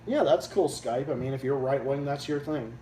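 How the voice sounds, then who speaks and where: A man's voice: mid-range voice, normal speed, dark tone. A man from Massachusetts hosting a livestream, ranting in a heated, profane and blunt way. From Massachusetts, USA. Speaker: livestream host. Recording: echoey room, distant mic, faint hum.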